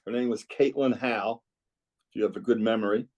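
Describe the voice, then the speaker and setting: A man's voice: lowish voice, fairly even intonation, brisk, a little mellow, highs cut off. Man reminiscing about coaching. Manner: rambling, reminiscing storyteller. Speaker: guest, former girls' club basketball coach. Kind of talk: casual podcast conversation.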